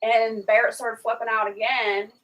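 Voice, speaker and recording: A woman with a fairly high voice tells a story in a casual, animated way. She often raises her pitch to act out quotes. Her voice sounds a bit distant from the microphone. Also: normal speed. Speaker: livestream host telling a story.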